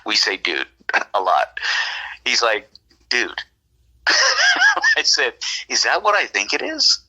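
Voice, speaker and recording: A man from California tells a story in a loose, rambling way, switching into the voices of the people he quotes. His voice sits a little low yet sounds strikingly bright and forceful. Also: measured pace, poor audio. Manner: rambling, animated, acts out quoted dialogue. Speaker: guest telling an encounter story. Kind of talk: casual storytelling on a podcast.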